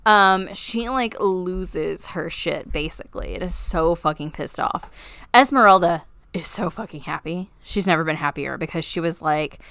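A woman's voice: lowish voice, moderate pace, creaky, fairly bright tone, clean tone, no room sound. A woman co-hosting a casual book podcast, retelling a plot loosely, with lots of swearing and fillers. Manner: loose, filler-heavy storytelling. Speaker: podcast co-host.

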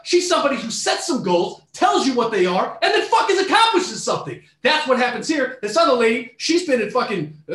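A man giving a heated, profane rant while reacting to a story, shouting in bursts. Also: very high voice, echoey room.

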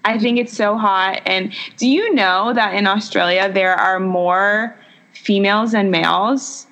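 A young woman in her twenties co-hosts a casual podcast. Her mid-range voice is playful and chatty, full of "like" and quick asides. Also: mid-range voice, steady tone, fairly bright tone. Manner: chatty, playful, valley-girl fillers. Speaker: podcast co-host. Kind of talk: casual chat.

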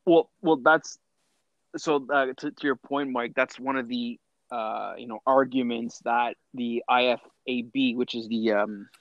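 Male podcast co-host, mid-pitched, argues his point with halting phrasing, slightly muffled mic. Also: fairly even intonation, no echo. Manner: halting, many fillers and restarts, opinionated. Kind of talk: casual chat.

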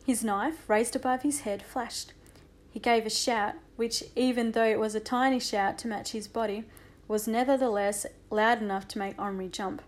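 A woman narrating a children's audiobook with a lively, expressive reading. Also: fairly high pitch, normal speed.

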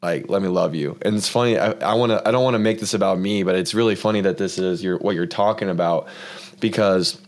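A man's voice: lowish voice, steady tone, quick pace. A man hosting a casual faith-focused conversation, telling a long personal story in an earnest, rambling way with lots of fillers. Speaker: podcast host.

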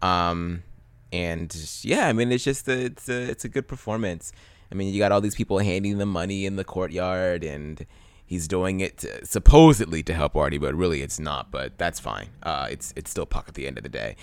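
A man with a deep, smooth and resonant voice co-hosts a podcast, chatting enthusiastically. He rambles, trails off and restarts his thoughts. The recording is dry and close. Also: normal speed, no room sound. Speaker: podcast co-host. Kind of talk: casual chat.

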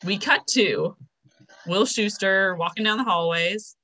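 A woman's voice: medium pitch, measured pace, sharp tone. A young woman co-hosting a podcast, casually recapping a TV episode, chatty and full of fillers. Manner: chatty, filler-heavy, storytelling. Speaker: podcast co-host.

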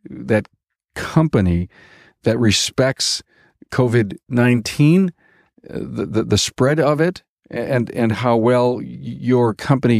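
A man's voice: on the low side, vocal fry, a little mellow, dry recording, studio quality. A man hosting a podcast, summing up the discussion with frequent fillers. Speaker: podcast host. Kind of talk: casual podcast wrap-up.

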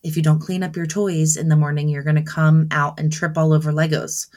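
A woman in her thirties from Southern New Jersey co-hosts a casual podcast, chatty and laughing often as she acts out her own lines to her kids. Her voice sits low with a darkish tone, and her delivery is flat and fairly quick.

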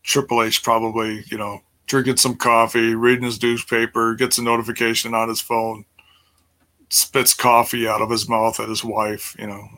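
A man's voice: medium pitch, flat delivery, normal speed, bright, forceful tone. A middle-aged man chatting casually on his livestream, rambling with many fillers and restarts. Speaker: livestream host.

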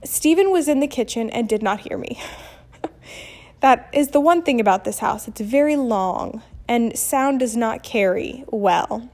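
A woman in her thirties vlogging in a casual, storytelling way, her voice sitting a little high. She is animated and blunt, slipping in mild swearing and acting out the quotes of her story. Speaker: vlogger and mother.

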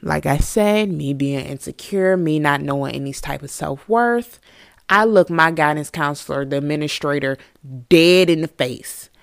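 A woman podcast host telling a storytime monologue in a candid, profane, animated way. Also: sits low, normal speed, vocal fry, no echo, studio quality.

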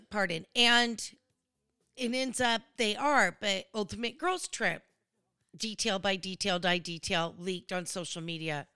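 A woman's voice: medium pitch, bright, forceful tone, smooth, no echo. A woman hosting a reality-show recap, chatting casually in a gossipy, digressive way. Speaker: recap host.

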